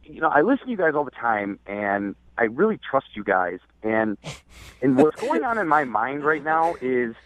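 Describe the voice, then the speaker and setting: A man's voice: medium pitch, very animated, normal speed, a bit bright. A man calling in to a radio show, telling his story hesitantly with many fillers and restarts. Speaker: caller. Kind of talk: phone call to a radio show. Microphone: phone. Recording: phone line, dry.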